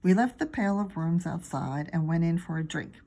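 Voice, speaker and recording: A woman teacher reading a children's chapter book aloud, expressive and acting out the characters. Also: on the low side, normal speed. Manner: expressive, acts out each character.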